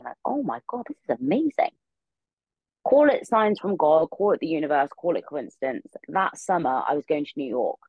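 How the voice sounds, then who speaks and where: Podcast guest: young woman, low voice, rapid rambling storyteller, dull lo-fi dry recording. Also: no room sound. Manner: rambling, many filler words. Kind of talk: casual storytelling. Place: her room.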